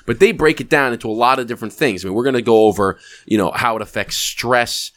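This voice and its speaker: A man's voice: mid-range voice, fast talker. A man co-hosting a casual podcast, talking bluntly with plenty of swearing. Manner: blunt, profane, animated storytelling. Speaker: podcast co-host. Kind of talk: casual chat.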